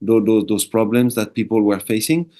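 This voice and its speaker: Earnest Frenchman with a mellow voice. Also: lowish voice, fairly even intonation. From France. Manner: earnest, halting with restarts. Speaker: guest, ayahuasca shaman. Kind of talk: casual interview talk.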